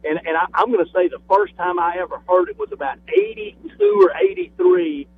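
This is a Southern-accented man in his fifties, a radio show guest on a tinny phone line, eagerly chatting and tending to repeat words as he begins sentences. He speaks a little fast in a very high, creaky voice with wildly swooping pitch, over a faint hiss or hum.

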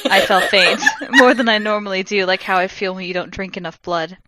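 A woman co-hosting a podcast, reading a text aloud in a deadpan comic way on a close mic. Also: medium pitch, brisk, very noisy. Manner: deadpan reading broken by laughter. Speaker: podcast co-host. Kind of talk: comedic dramatic reading.

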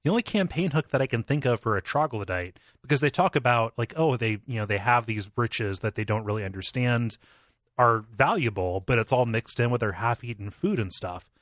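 A man's voice: medium pitch, a little fast, no room sound, clean studio sound. Easygoing man chatting on a podcast. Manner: relaxed, agreeable, laughs easily. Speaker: podcast co-host. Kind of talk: casual chat.

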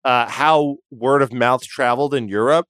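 A man's voice: mid-range voice, moderate pace, no room sound, clean studio sound. A man hosting a comedy podcast, casually telling a history story and acting out the characters in it. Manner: animated, acts out characters in the story.

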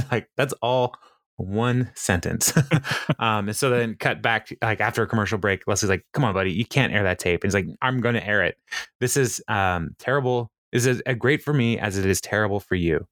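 Low-voiced man recapping a show. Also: normal speed, a bit bright, no echo, clean studio sound. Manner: chatty retelling with frequent laughs and fillers. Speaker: podcast co-host. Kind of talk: casual chat recapping a TV episode.

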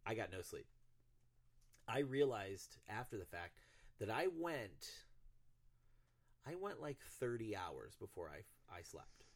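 A man in his thirties co-hosting a podcast, telling a story in a casual, animated way with frequent swearing. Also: fairly low pitch, slow, long pauses. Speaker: podcast co-host.

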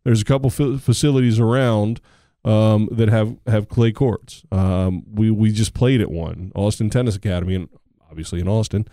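Rambling low-voiced man in casual chat. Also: normal speed, dry recording, studio quality. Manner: rambling, restarts, animated when excited. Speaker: tennis podcast co-host, coach.

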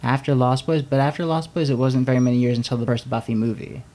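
A man's voice: mid-range voice, quick pace, mellow. A man co-hosting a podcast, chatting casually and joking, often laughing. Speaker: podcast co-host. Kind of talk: casual chat.

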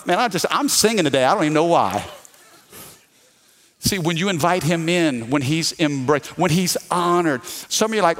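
A man, lively and calling for amens. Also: on the high side, normal speed. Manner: lively preaching with call-and-response. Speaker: pastor. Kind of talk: sermon.

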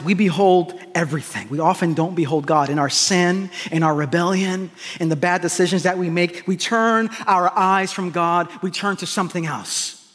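A man preaching a sermon to a congregation, emphatic and repetitive, with quick asides to the crowd. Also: sits high, a bit bright, in a large hall. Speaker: pastor. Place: large church hall with congregation.

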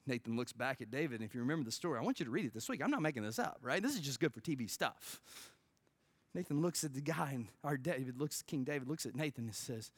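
Preacher, sermon, lively swooping pitch, dramatic drops to hushed tones, dry close sound. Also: quick pace, husky, dry recording. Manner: dramatic, swings from loud to near-whisper; peppers phrases with "right?". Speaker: pastor.

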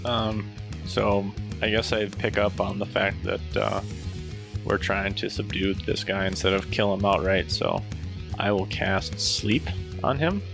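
A man with a rather low, gravelly voice takes his turn in a tabletop game. He declares spells and rolls in a dry, wry way. Guitar music plays behind him. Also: fairly even intonation, measured pace. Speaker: player. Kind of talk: casual tabletop play.

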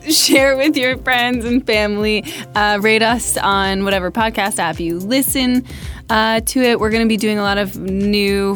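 A bubbly woman hosts a casual studio podcast, laughing often and tossing off jokes at her own expense. Her voice sits at an ordinary middle pitch, with faint music underneath. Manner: bubbly, laughs often, self-mocking asides. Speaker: podcast host.

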